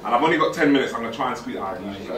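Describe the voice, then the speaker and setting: Animated man in his forties. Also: mid-range voice, racing, distant mic, crowd noise. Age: 40s. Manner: joking, direct and playful, puts on slangy voices. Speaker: motivational speaker. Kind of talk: lively motivational talk to a youth audience. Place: event hall with a live audience. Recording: echoey hall, speaker away from the mic.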